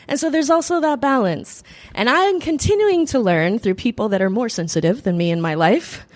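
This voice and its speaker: A woman telling a personal story live at a cafe open mic, animated and laughing often as she acts out the voices of people in her story. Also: a little high. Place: small cafe, live audience.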